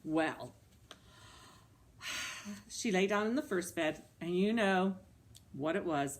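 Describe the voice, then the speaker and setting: A woman librarian telling a story to young children, animated and coaxing them with questions. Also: lowish voice, takes it slowly, pauses often.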